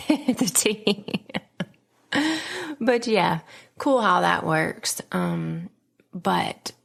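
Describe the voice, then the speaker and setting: A woman's voice: on the low side, gravelly. A woman in her thirties hosting a podcast, telling a personal story in a dramatic, emotional way, dropping to whispers and laughing often. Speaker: podcast host.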